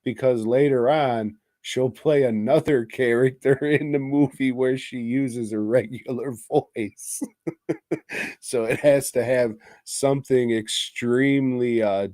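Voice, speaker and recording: Tipsy from drinking, a man co-hosting a podcast rambles through a laid-back movie review, cursing nonstop and breaking into laughter mid-sentence. He speaks a little slowly in a steady, dark, medium-pitched voice, with no room sound.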